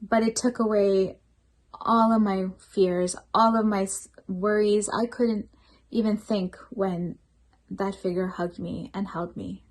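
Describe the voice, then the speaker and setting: A woman's voice: medium pitch, steady tone, takes it slowly, darkish tone. A woman shares a personal testimony at a devotional program. She speaks earnestly and reflectively, as a healthcare worker who works night shifts.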